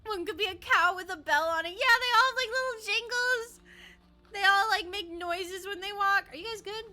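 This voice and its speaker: A woman's voice: very high-pitched, moderate pace, sharp tone, soft background music. A woman streaming a game, chatting casually, giggling and rambling, sometimes breaking into playful chants. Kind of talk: casual gameplay commentary.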